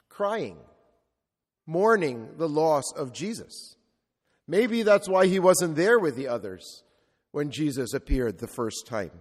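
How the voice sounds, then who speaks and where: A male Catholic priest preaching a sermon with reflective storytelling and rhetorical repetition. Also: high-pitched. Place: church. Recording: long reverb of a large church.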